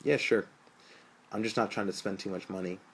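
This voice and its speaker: A laid-back young roommate who answers deadpan, read by a man. Low, unhurried audiobook voice. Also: creaky, a little hiss or hum. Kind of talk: audiobook narration.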